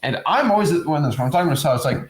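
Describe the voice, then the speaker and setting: A man hosting a casual talk about real estate, animated and acting out sales pitches in mock voices. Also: rapid-fire. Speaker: host. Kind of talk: casual chat. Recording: roomy echo.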